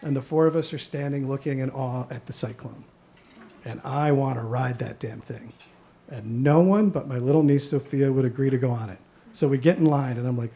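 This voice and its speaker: A man's voice: medium pitch, fairly quick, dark tone. A middle-aged man from the Chicago area telling a personal story on stage at a story slam, conversational and swearing casually. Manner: conversational, swears casually, quotes himself and his dad. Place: stage at a live event.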